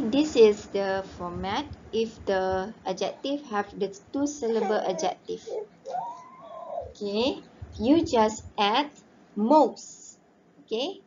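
A woman teaching a recorded primary-school English grammar lesson, slowly spelling out words letter by letter. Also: fairly high pitch, a little mellow, a little hiss or hum. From Malaysia. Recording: dull lo-fi home recording.

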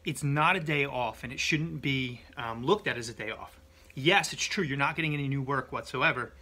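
Bright-voiced male school administrator. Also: medium pitch, normal speed. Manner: casual, direct, joking. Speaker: school assistant superintendent. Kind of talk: daily school announcements. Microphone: phone held at arm's length.

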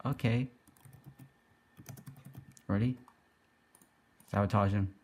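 A young man giving excitable, giggly play-by-play commentary as he teases other players in an online game. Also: lowish voice, slow, husky. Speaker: gaming YouTuber. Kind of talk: casual Let's Play commentary.

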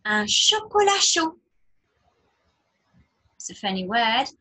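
A woman teacher giving a slow nursery language lesson, modelling words in a sing-song way for small children to repeat. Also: on the high side, big pitch swings, bright, forceful tone. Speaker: French teacher.

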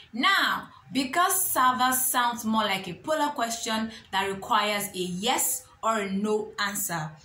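A woman teaching a beginners' language lesson, repeating each phrase slowly and carefully, with light laughs between examples. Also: mid-range voice, pushed and bright. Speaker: French teacher. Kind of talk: slow, clear language lesson. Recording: echoey room with faint ambient noise.

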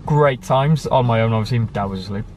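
A man's voice: medium pitch, brisk, a little mellow, slight background noise. A young man from the UK in a casual conversation about his life. He rambles, using many fillers and self-corrections. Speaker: guest sharing his story.

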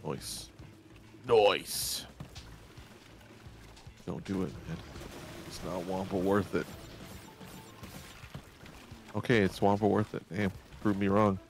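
A man with a somewhat low voice, talking loosely over a game in progress. He jokes, laughs easily and curses without a second thought, with faint music playing under him. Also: fairly even intonation, normal speed. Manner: joking, laughs often, swears freely. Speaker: let's play co-host. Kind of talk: casual gaming chat.

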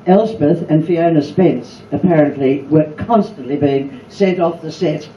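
Older aussie lady, low dark voice, telling dry stories, dull far-off recording in an echoey hall. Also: measured pace, a little hiss or hum. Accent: Australian. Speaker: former cast member on a panel. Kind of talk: anecdotes at a fan luncheon. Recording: echoey room, far-off mic, dull sound.

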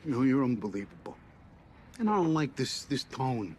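A brash, pushy debt collector, played by a man with a theatrical swagger and plenty of swearing. His voice sits in a middle pitch. It is film drama dialogue, mock-grand and needling by turns. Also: very animated, moderate pace, a little mellow, slight background noise, lightly acted. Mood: indignant.

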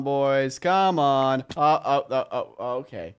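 A young man giving let's play commentary, excitable and chatting to viewers, yelping "flip" when he fails. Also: fairly high pitch, takes it slowly, hardly any pauses, clear, resonant tone. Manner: excitable, yelps "flip" instead of swearing; chats to viewers while playing. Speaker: YouTuber playing a game.

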